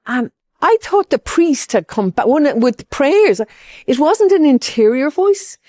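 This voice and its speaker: A woman's voice: high voice, big pitch swings, measured pace, warm tone, no room sound, clean studio sound. Older woman telling a rambling heartfelt story. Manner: rambling, heartfelt, full of asides. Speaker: pilgrim giving testimony. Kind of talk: personal testimony storytelling.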